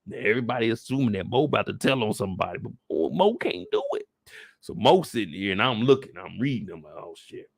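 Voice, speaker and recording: A man hosting a casual, joking recap of a TV episode, animated and profane. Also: lowish voice, fast talker, vocal fry, dry recording, clean studio sound. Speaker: YouTube show recap host. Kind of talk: casual comedic commentary.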